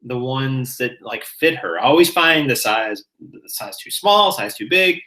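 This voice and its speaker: A man's voice: mid-range voice, expressive, unhurried, pushed and bright, poor audio. A middle-aged man from the American South with a light Southern accent, hosting a casual chat about reselling and rambling a little as he corrects himself. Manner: chatty, rambling, self-correcting. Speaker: reseller channel host.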